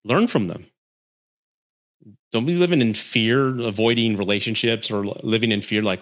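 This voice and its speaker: A man's voice: mid-range voice, animated, moderate pace, a bit bright. A man hosting a podcast, giving blunt, candid relationship advice in a casual chat while reading viewer comments. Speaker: podcast host.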